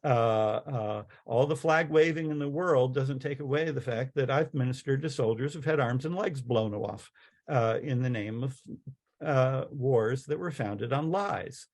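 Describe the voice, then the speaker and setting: A middle-aged man lecturing as a chaplain, earnest and passionate. He stumbles and restarts often, filling pauses with "uh". His voice sits at an ordinary middle pitch. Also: darkish tone. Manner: halting, many fillers and restarts. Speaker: chaplain and teacher.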